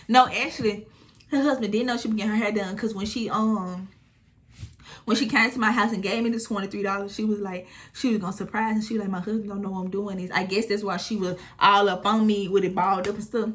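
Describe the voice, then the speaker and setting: A young woman, telling a storytime vlog in a casual, animated way, acting out what people said. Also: mid-range voice, quick pace. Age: 20s. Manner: animated retelling, acting out quotes, frequent swearing. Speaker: storytime vlogger.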